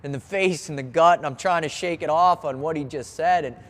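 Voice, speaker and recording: A man's voice: on the high side, a little fast. A man telling a personal story as a motivational speaker, earnest and vivid, often restarting his phrases. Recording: long hall reverb.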